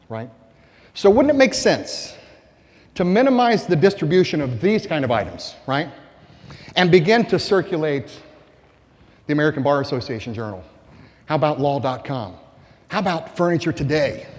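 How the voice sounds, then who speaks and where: A man giving a conference keynote speech to sales staff, animated and rhetorical, often asking the audience questions. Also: medium pitch. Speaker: keynote speaker. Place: conference hall. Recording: long reverb of a large hall.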